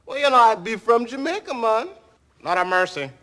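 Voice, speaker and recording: A stubborn, smooth-talking hustler who swears he is Jamaican, with a lilting put-on island accent. His voice is high, bright and swings widely in pitch. The film audio rings with a long reverb. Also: expressive, normal speed, a crowd in the background. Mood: insistent. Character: fast-talking man posing as a Jamaican, stubborn.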